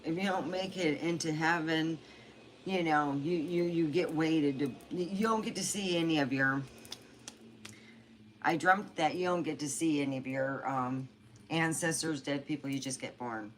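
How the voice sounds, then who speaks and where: A middle-aged woman talks unhurriedly in a low voice, rambling through a casual livestream chat. She is candid and loose, cursing freely as she goes. It sounds like a phone or webcam mic. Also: measured pace, a little hiss or hum. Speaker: livestream host.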